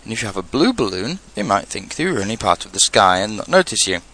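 A man's voice: lowish voice, sing-song, fast talker, sharp tone, full character voice. A man voicing an earnest, anxious little bear in a storybook reading, musing and solemn. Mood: thoughtful.

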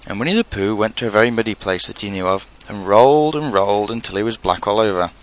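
A man reading a children's storybook aloud, narrating in an unhurried way with quiet asides. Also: fairly low pitch, poor audio.

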